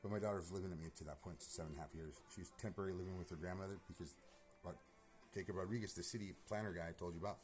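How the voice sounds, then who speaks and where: A man with a low, deep voice talks quickly in a rambling personal monologue. He sounds agitated and keeps repeating himself, with fillers and frequent swearing. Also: steady tone, a little mellow, soft background music. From California. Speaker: vlogger.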